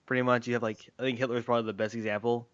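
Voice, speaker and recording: Smooth-voiced man in relaxed chat. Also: medium pitch, racing, dry recording, lo-fi sound. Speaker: podcast host. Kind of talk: casual chat.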